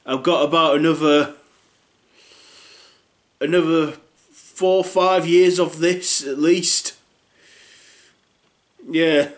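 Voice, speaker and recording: A middle-aged man with a Northern English accent delivering a rambling comedic character monologue, blunt and casually sweary. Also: mid-range voice.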